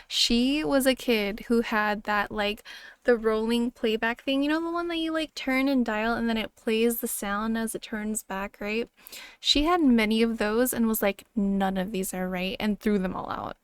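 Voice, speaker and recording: A woman's voice: on the high side, normal speed, clear, resonant tone, no echo. A woman streaming casually, chatting and laughing, reacting to clips and talking sweetly to her dogs. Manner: chatty, talks baby-talk to her dogs, laughs often.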